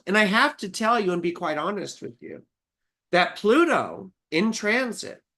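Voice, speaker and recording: A woman astrologer giving a casual live-stream reading. She talks in a rambling, chatty way and swears freely. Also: fairly low pitch.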